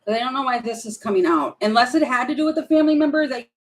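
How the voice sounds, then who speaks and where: A woman's voice: high-pitched, expressive, rapid-fire, low-quality recording. A woman giving tarot readings on a live stream, chatty and apologetic, thinking aloud as she goes. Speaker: tarot reader.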